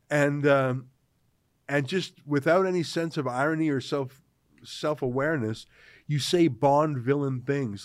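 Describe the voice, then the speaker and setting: A man from Canada hosting political commentary, talking in an animated, sarcastic way. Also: on the high side, dry recording, clean studio sound. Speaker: host.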